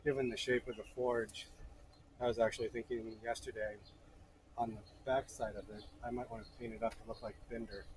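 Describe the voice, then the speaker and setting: A man's voice: medium pitch, flat delivery, a little fast, a little hiss or hum, low-quality recording. A man working as a blacksmith, giving casual hands-on instruction to a beginner and chatting with stories as he works.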